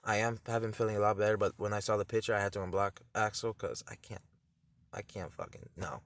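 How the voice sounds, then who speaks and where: A teenage boy making a loud, profane reaction video, laughing often as he talks. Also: fairly low pitch, fairly even intonation, fast, no room sound. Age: teens. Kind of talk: reaction commentary.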